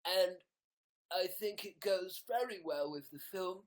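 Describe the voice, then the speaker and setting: Man playing a pompous food reviewer, mock-grand, slow and formal. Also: sits high, voice pushed up, poor audio. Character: pompous male food blogger.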